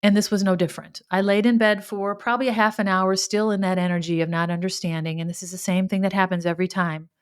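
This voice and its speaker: A woman's voice: medium pitch, little pitch movement, fast talker, few pauses, smooth. A woman hosting her own podcast, speaking candidly in a reflective personal monologue, often restarting her sentences as she thinks aloud. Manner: candid, searching, with frequent restarts and self-talk. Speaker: podcast host.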